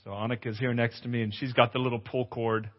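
Animated male pastor in an echoey hall. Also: medium pitch, fast. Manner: animated storyteller who acts out dialogue and exclaims loudly. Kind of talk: testimonial sermon. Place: conference hall. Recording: echoey hall, dull lo-fi sound.

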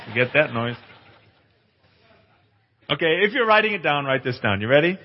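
At a conference, a pastor in his forties preaches a testimonial sermon, earnest and confessional, tossing playful asides to the crowd. His medium-pitched voice is animated and a little fast, with frequent pauses. The hall sounds echoey and slightly dull.

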